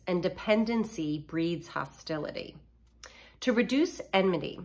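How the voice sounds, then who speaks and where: Woman calmly reading parenting tips. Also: mid-range voice. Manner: measured, reads lists deliberately. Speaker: podcast host.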